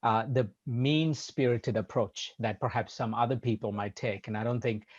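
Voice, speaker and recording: A man hosting a podcast, talking in a measured, hedging way with many restarts. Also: mid-range voice, steady tone, lo-fi sound. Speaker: podcast host. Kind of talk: casual conversation.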